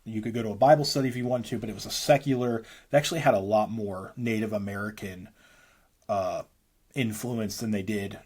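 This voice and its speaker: A husky, fairly low man in his thirties tells his own story as a podcast guest. He talks earnestly and rambles, restarting sentences and stacking fillers as he goes. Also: fairly quick, a little mellow. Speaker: interview guest, musician. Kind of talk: candid storytelling interview.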